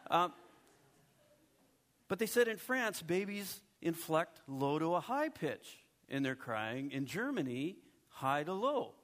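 Conversational preaching man, slightly high voice. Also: very animated, takes it slowly, fairly bright tone. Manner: conversational preaching with asides and tag questions. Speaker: pastor. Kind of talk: sermon.

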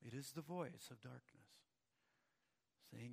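A man's voice: medium pitch, steady tone, moderate pace, gravelly, breathy edge. A male pastor preaching a sermon, telling a story and often repeating words as he starts a thought.

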